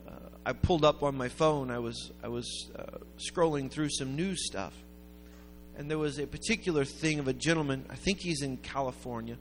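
A man preaching a sermon, telling a story in a rambling way that builds to loud, emphatic peaks. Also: medium pitch, normal speed. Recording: long hall reverb with faint music.

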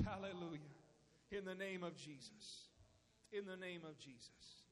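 A man's voice: high voice, measured pace, in a large hall. A male pastor preaching a sermon, rising into emphatic bursts and acting out little dialogues.

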